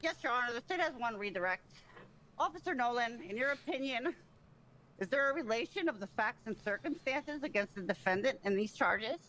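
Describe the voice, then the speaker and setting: A woman playing a prosecutor in a role-play courtroom, formal and measured. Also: fairly high pitch, lively intonation, fairly bright tone, slight background noise, poor audio.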